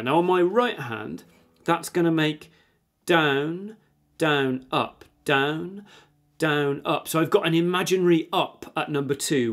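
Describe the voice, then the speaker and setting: A music teacher with an animated voice on the high side teaches a guitar lesson at normal speed. While playing guitar, he patiently counts beats out loud and explains the strum directions.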